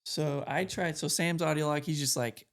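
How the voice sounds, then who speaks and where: A man's voice: a little high, fairly even intonation, moderate pace. A man co-hosting a podcast, rambling loosely and conversationally through a recap of a video game. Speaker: podcast co-host.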